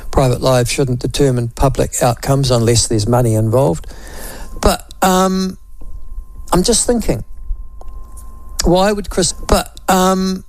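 A man's voice: a little high, darkish tone, no echo. A man with a New Zealand accent hosting talk radio, musing aloud in a wry, opinionated way and toying with phrases.

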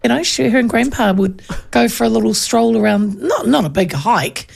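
A woman's voice: a little high, animated, normal speed, gravelly. A woman hosting a breakfast radio show, chatting and telling stories with frequent laughs. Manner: chatty, storytelling, laughs often. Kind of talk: casual on-air chat.

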